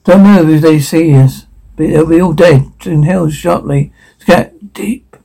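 A man with a gravelly, husky voice pitched a touch high, doing comedic voice acting for a whole cast of characters. He jumps quickly from one put-on voice to the next, and the humor is crude and full of swearing. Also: fairly even intonation, dark tone, rough recording. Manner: rapid swings between put-on voices, crude and profane.

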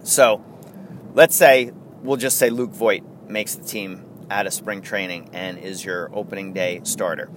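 A man's voice: low-pitched, steady tone, measured pace, slight background noise. A man hosting a casual sports podcast, rambling and correcting himself as he chats. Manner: rambling, self-correcting, chatty. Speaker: podcast host.

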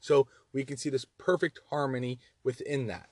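A man with a Southern accent giving an earnest, animated Bible teaching, reading verses and often repeating words as he stresses a point. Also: medium pitch, moderate pace, no room sound, clean studio sound.

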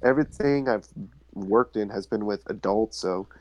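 A man's voice: moderate pace, a little mellow, dry recording, low-quality recording. A young man in casual podcast chat, telling funny stories about his after-school job and mimicking kids. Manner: storytelling, mimics kids in high voices. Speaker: podcast co-host.

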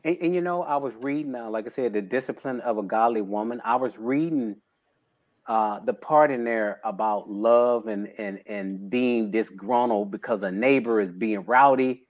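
A man's voice: lowish voice, normal speed. A man in his late fifties, a bodybuilder and trainer guest on a podcast, telling heartfelt stories about faith and family in casual conversation. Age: 50s. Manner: animated storyteller, emotional about faith.

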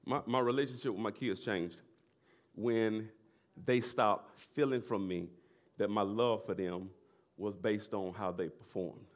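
A middle-aged male pastor preaching a sermon in a loose conversational way, with laughing asides and loud bursts of emphasis. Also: lowish voice, steady tone, measured pace.

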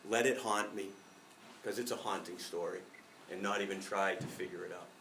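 A man's voice: low-pitched, normal speed, gravelly, fairly bright tone, echoey room, distant mic, slight background noise, poor audio. A middle-aged male pastor giving a reflective sermon, telling a personal story.

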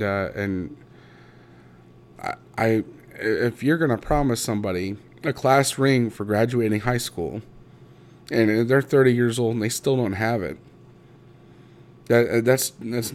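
A man in his thirties telling his own story in a personal monologue, halting and restarting his words, emotional and close to breaking. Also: fairly low pitch, a little hiss or hum. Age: 30s. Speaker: podcast host.

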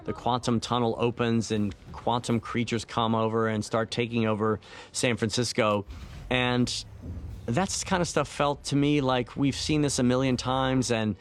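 A man, a film director, talking through his movie in a relaxed, reflective audio commentary, with many fillers and restarts. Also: medium pitch, measured pace. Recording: faint film soundtrack music underneath.

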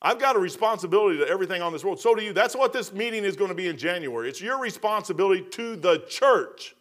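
High bright-voiced folksy preacher. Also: male voice, animated, quick pace. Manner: casual preaching with asides and self-mocking humor. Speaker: pastor. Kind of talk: folksy sermon.

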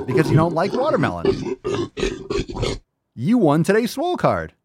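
A man hosting a comedy podcast, joking in a mock-angry, sarcastic way, jumping between loud jabs and low mutters. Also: very animated, brisk, pauses often, crowd noise. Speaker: podcast host. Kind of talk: casual comedic banter.

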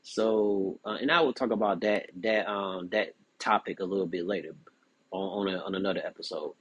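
Husky young man with a lowish voice. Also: moderate pace, no echo, muffled recording. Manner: animated, frequent "you know what I'm saying". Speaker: podcast host. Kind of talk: casual commentary monologue.

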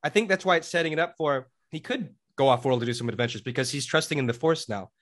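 A man co-hosting a casual pop-culture review podcast, excitable and profane, often acting out quotes. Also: mid-range voice, quick pace. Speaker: podcast co-host.

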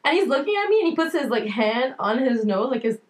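A young woman chats as a podcast guest. Her voice sits high and swoops all over. She giggles and acts out other people's voices as she tells stories. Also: sing-song, fast talker. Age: young adult. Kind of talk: casual chat.

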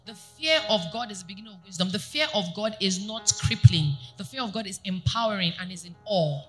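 A woman pastor preaching a sermon to her congregation, animated and often asking them questions. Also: medium pitch, a little fast, soft background music. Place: church.

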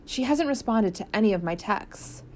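A woman voicing a worried, sharp-tongued sixth-grade boy in an audiobook, speaking impatiently. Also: mid-range voice, lively intonation, moderate pace, slight background noise, natural voice.

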